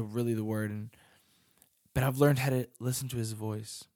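A man's voice: medium pitch, darkish tone, no echo. Young guy pastor giving a heartfelt sermon, keeps restarting, middle voice, dry room. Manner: earnest, searching, with frequent restarts. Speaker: youth pastor and worship leader.

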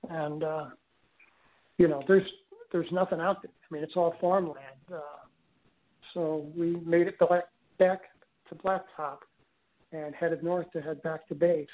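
A man's voice: fairly high pitch, steady tone, unhurried, pauses often. Man telling a story over a tinny phone line. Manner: rambling, with many fillers and restarts. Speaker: guest telling his story. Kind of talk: casual storytelling.

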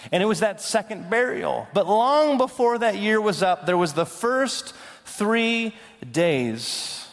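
Preacher man in a reverberant hall. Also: high voice. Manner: dramatic swings from loud declaring to hushed, slow intensity. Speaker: pastor. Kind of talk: sermon.

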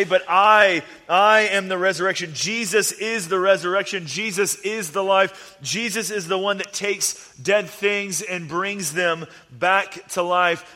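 A man's voice: sits high, bright, forceful tone, long reverb tail. A man preaching a sermon as pastor, earnest and repetitive, with casual fillers between his points.

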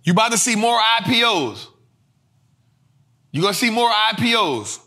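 High, lively man hammering home a point. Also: moderate pace. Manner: emphatic and repetitive, drilling points home; slangy, animated delivery with bursts of shouting. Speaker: host. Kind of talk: street-style finance lesson.

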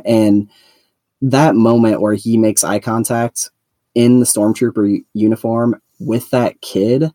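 A man's voice: lowish voice, steady tone, unhurried, dark tone, dry recording. A man co-hosting a podcast in casual chat, chatty, laughing often and acting out quotes from the show. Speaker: podcast co-host.

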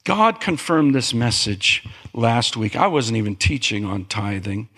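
A man preaching a sermon as pastor, animated, with big pitch swings and calls for amen. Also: a little slow, slightly rough.

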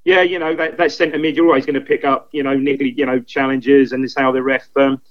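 A man's voice: medium pitch, flat delivery. A man in his fifties, a guest pundit in casual football chat, rambling and repeating himself as he recalls old matches. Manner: rambling, repeats himself, quick enthusiastic recollection. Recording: dull lo-fi remote line.

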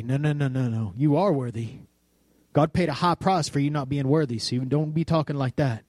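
A man's voice: fairly high pitch, moderate pace, darkish tone, no echo. A man preaching a sermon, mixing playful storytelling and jokes with earnest, heartfelt exhortation. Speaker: pastor.

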